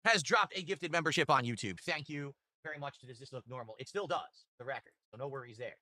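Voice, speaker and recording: Brief: male streamer, quick and sharp-toned, profane rambling thank-yous, dry close desktop mic. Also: mid-range voice, no echo. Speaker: livestreamer. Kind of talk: casual stream chat reading donations. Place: his home streaming room. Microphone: desktop USB mic.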